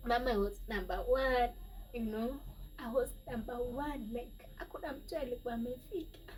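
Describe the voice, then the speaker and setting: Kenyan-accented woman, emotional storytelling, sighing pauses, distant mic, faint background noise. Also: on the high side, a little mellow. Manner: emotional, halting, with sighs and pauses. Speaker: vlogger. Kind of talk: personal storytelling.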